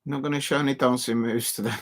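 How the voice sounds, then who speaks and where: A man casually chatting and commenting on a football match during a live watch-along stream, rambling with lots of fillers and restarts, sitting close to his desk microphone. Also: mid-range voice. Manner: rambling, self-deprecating, many fillers and restarts.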